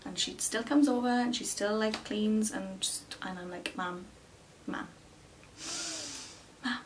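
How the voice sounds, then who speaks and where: A young woman vlogs to the camera from a small, cluttered room at home, chatting casually with plenty of fillers as she retells what people said. Her mid-range voice takes its time. She sounds slightly distant, and faint room noise can be heard.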